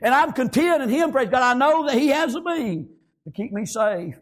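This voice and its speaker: Preacher guy, really high voice, amen after every line, fired up sermon. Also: expressive, moderate pace. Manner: fervent, peppered with amens and praise Gods.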